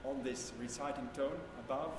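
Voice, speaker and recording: A man leading a chant workshop who explains slowly and now and then sings short examples. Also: medium pitch, fairly even intonation. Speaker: chant teacher. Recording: echoey hall with background noise.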